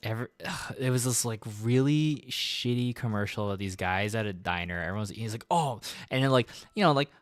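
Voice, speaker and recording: A man's voice: fairly low pitch, fairly quick, hardly any pauses, no room sound. A man streaming while drawing, telling stories in a rambling, casual way with many fillers and restarts.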